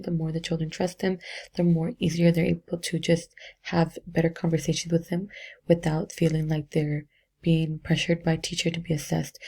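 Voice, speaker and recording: A woman's voice: low voice, vocal fry, dark tone, slightly rough. A young woman, an education student, casually reflecting on a book chapter in a chatty way with many fillers. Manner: chatty, filler-heavy, self-correcting.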